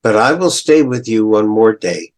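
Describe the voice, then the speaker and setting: A man's voice: fairly low pitch, animated, moderate pace, natural voice. An older man voicing a devoted little female swallow who answers earnestly, told as a story in a lecture. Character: loyal small female swallow, devoted and kind.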